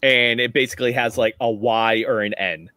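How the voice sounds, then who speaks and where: A relaxed man narrating a tabletop role-playing game as game master. His voice sits mid-range and sounds dry and close. He rambles loosely through the scene. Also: mid-range voice, moderate pace, clear, resonant tone, dry recording. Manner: relaxed, rambling, laughs often.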